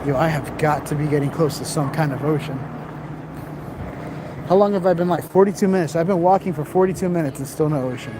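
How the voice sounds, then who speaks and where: A livestream vlogger talks fairly quickly in a slightly high voice into the handheld phone camera he carries through city streets at night. He keeps things casual, reading out his viewers' comments as traffic and street sounds fill the background.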